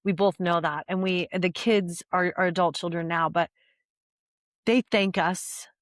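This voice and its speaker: Animated older woman telling stories. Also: fairly low pitch, a little slow, no echo, studio quality. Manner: animated storytelling, frequent laughter and restarts. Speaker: guest. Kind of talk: casual conversation.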